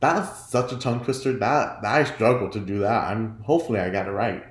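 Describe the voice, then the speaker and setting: A man hosting his own podcast in casual solo chat, chatty and giggly, often jumping into high mock voices when he quotes himself. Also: brisk, reverberant. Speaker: podcast host.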